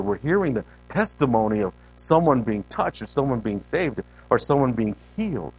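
A man preaching a sermon as a guest preacher in a church, animated and conversational, repeating words for emphasis and talking straight to the congregation. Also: fairly low pitch, fairly quick, few pauses, highs cut off, soft background music.

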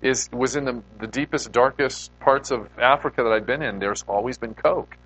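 A male pastor voicing a female missionary, quoting her plainly and earnestly in his own low voice. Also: normal speed, a bit bright, natural voice, low-quality recording.

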